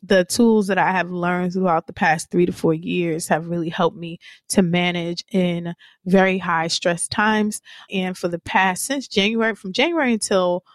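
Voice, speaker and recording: A woman's voice: on the low side, steady tone, dry recording, studio quality. Chatty rambling woman podcast host. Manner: chatty, rambling, warm slang with listeners; guides slow breathing exercises. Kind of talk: casual podcast chat.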